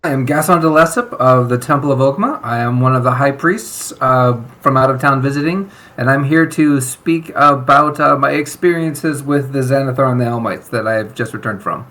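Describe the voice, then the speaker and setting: A man's voice: medium pitch, normal speed, hardly any pauses, fairly bright tone, close to an everyday voice. Man playing a wordy halfling priest. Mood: polite. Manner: formal and wordy, fond of fancy words. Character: florid halfling high priest, male, floating on a book.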